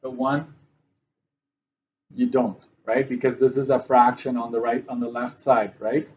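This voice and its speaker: A man's voice: mid-range voice, flat delivery, measured pace, a little mellow, muffled recording, a little hiss or hum. Man teaching math, checking in often. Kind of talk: classroom lesson.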